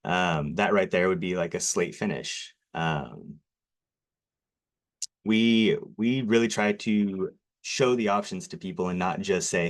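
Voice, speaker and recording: A man's voice: sits low, normal speed. A man giving a nervous, self-deprecating presentation about his work, with lots of fillers and apologies. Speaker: garage door company presenter. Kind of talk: local TV sales presentation.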